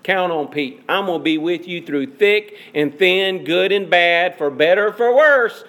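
A preacher playing a brash boasting disciple. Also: male voice, high-pitched, a little slow, fairly bright tone. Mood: boastful. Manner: bragging, emphatic vows. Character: boastful eager male disciple, brash and loyal.

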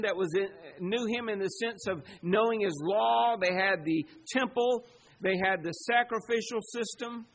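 High-voiced male preacher. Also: rough recording. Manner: preaching with sudden loud emphatic bursts. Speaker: pastor. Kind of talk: sermon.

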